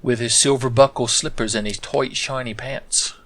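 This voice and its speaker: A man's voice: mid-range voice, steady tone, normal speed, a bit bright. A man commentating his own gameplay with sarcastic, profane, rambling asides. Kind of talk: let's play commentary.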